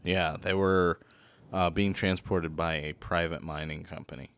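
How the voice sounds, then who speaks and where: Deep-voiced man in casual crude banter. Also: steady tone, unhurried, fairly bright tone, dry recording. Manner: crude, joking, laughs often. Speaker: podcast co-host.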